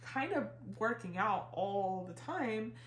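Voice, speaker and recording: A woman's voice: mid-range voice, expressive, takes it slowly, a little hiss or hum. A woman talks through a tarot reading in a loose, rambling way, full of fillers and casual swearing. She sounds a little out of breath throughout. The room adds a noticeable echo. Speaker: tarot reader. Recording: roomy echo.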